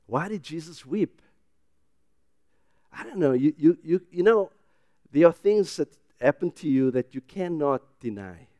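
Pastor, middle-aged man, fairly high voice, dry close sound; preaches loud then drops to a hush. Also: lively intonation, unhurried, pauses often, no echo. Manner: preaching with loud emphatic rises, then drops to a quiet personal telling. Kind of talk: sermon.

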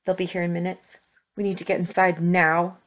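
A stern, watchful grandmother gives urgent orders in a storybook reading, as a woman reader puts her on. The voice sits low and commanding. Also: level tone, moderate pace, close to an everyday voice.

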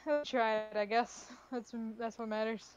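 A woman's voice: a little high, a little slow, clear, resonant tone, muffled recording. A young woman chatting casually during a game stream, teasing dryly and swearing now and then. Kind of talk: casual gaming chat.

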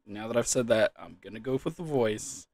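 A gaming video creator chats casually in a solo vlog, close to the mic, his mouth dry as he keeps dissolving into fits of laughter. His voice is fairly low and darkish, with vocal fry, lively intonation, and a slightly fast pace.

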